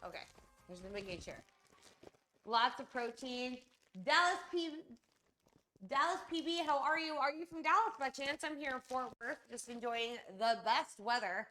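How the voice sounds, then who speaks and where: A woman's voice: sits high, moderate pace, bright, forceful tone, soft background music. A woman hosting a casual cooking livestream, chatting straight to her viewers.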